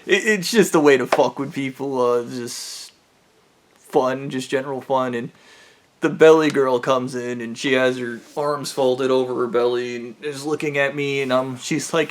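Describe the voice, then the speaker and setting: A man's voice: medium pitch, steady tone, a little slow. A man telling a rambling story from his own life in a casual, profane way, with plenty of fillers. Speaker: vlogger.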